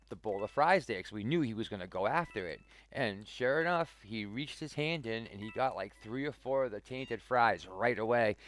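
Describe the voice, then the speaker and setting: A man streaming a game, telling a story casually, rambling with lots of "like" fillers and chuckles. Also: mid-range voice. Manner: rambling, full of "like" fillers and restarts.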